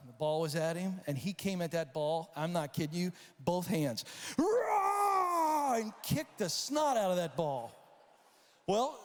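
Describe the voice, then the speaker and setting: A man giving a storytelling keynote talk at a conference, animated and acting out the voices and shouts in his stories. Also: high voice. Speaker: conference speaker. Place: large conference hall. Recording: reverberant hall.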